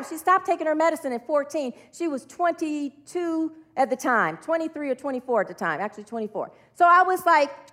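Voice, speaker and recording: High-voiced woman preaching a sermon. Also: lively intonation, fairly quick, few pauses, bright, forceful tone. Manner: earnest, leads the congregation in call-and-response. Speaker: minister. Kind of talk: sermon with spoken affirmations.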